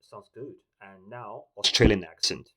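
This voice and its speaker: Guy testing a voice assistant, kinda hesitant, bright sound. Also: fairly low pitch, a little slow, slightly rough, poor audio. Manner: hesitant, with many fillers. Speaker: tech reviewer host. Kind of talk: casual talk to a voice assistant.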